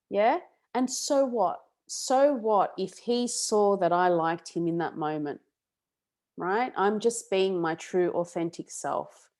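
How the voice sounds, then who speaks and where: A woman hosting a webinar on emotional healing, chatty and animated, often checking in with "yeah?" and "okay?". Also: fairly low pitch. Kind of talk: casual talk to a webinar audience.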